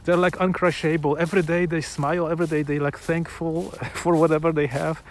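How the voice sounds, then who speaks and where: A man's voice: a little high, flat delivery, brisk, a little hiss or hum. A man chatting casually and enthusiastically, rambling with restarts and small chuckles, outdoors on a sunny afternoon. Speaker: vlogger. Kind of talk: casual chat to camera.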